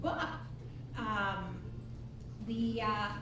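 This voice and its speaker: A woman around seventy, leading a ukulele jam with relaxed, chatty song introductions and a laugh at herself. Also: mid-range voice, drawn-out words, distant mic, noisy background. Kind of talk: casual on-stage song introductions. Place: live music bar. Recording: echoey bar heard from afar, with music.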